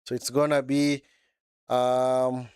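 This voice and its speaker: A man's voice: mid-range voice, little pitch movement, takes it slowly, a little mellow, clean tone, no room sound, studio quality. A man giving casual live football commentary during a watchalong, chatty and reacting as he goes, often tagging sentences with short asides. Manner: chatty, frequent tag words like man and eh.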